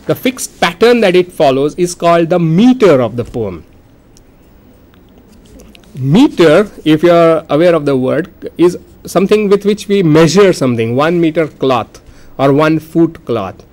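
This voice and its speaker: Man, Indian English accent, fairly high voice, patient college lecturer who restarts and repeats words. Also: a little mellow. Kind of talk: recorded classroom lecture.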